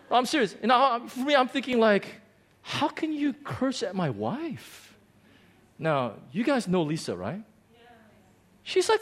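Male pastor, 40s, high-pitched. Animated, self-deprecating sermon storyteller.

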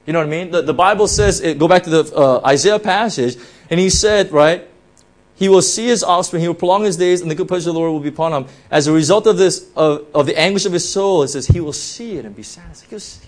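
Animated male preacher, lively pitch. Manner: animated, rises loud then drops to near whispers, frequent "right?". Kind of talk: sermon.

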